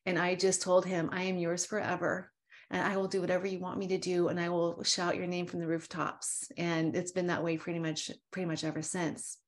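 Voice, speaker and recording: A woman guest giving an animated, heartfelt faith testimony, full of asides and quoted dialogue. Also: fairly low pitch, brisk. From California. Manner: animated, fervent storyteller with many asides. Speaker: interview guest. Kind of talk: emotional testimony storytelling.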